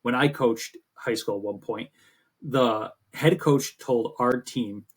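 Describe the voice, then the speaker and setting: A man co-hosting a sports podcast, telling rambling, animated stories in casual chat. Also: mid-range voice, takes it slowly, husky. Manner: rambling, animated storytelling with swearing. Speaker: podcast co-host.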